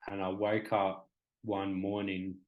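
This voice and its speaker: A man's voice: sits low, completely flat delivery, slow, narrow, tinny audio. A young Australian man, a guest on a talk show, telling a story in a rambling, emotional way, full of "like" and "you know". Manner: emotional, acts out quoted exchanges. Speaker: guest, hip hop artist. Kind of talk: casual storytelling in an interview.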